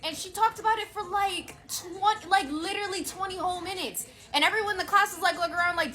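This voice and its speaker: A woman telling a personal story in a casual storytime monologue, animated, blunt and profane. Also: very high-pitched, quick pace, hardly any pauses.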